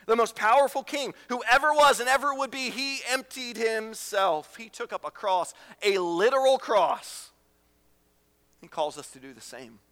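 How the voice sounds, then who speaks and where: Guy pastor preaching, bright high voice, keeps repeating himself and asking the crowd questions. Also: lively intonation, moderate pace, long reverb tail. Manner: emphatic preaching with repetitions and rhetorical questions. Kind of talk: sermon.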